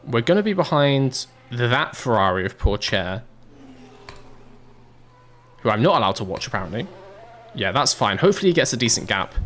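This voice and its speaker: A man's voice: medium pitch, big pitch swings, normal speed, long pauses, a bit bright, slight background noise. A young British man casually commentating a racing manager game, chatting and answering chat in a rambling, swearing way. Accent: British English. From Britain.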